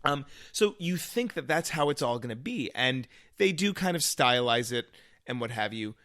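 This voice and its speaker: Man, mid-pitched voice, casual film-talk co-host, animated delivery with acted-out asides. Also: moderate pace, no room sound, clean studio sound. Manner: animated, acts out reactions in quoted asides. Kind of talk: casual movie review chat.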